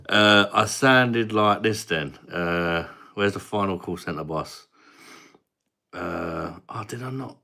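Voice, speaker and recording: A British man hosting a casual live-stream beer review, his voice sitting low and deep. He banters loosely with viewers, laughs a lot and drops the odd casual swear word. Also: slow, creaky, long pauses, pushed and bright. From Britain.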